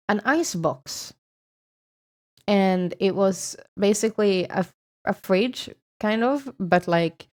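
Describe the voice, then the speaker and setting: A woman's voice: medium pitch, a little mellow. Chatty young Swedish woman streaming. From Sweden. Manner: chatty, swears a lot, playful, laughs often. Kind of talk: casual chat with viewers.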